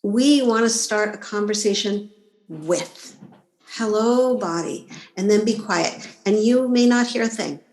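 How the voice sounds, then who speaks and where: A body-image coach appears as a guest on a podcast interview, her mid-range voice unhurried as she explains her ideas and animatedly acts out inner voices. The audio is poor and reverberant.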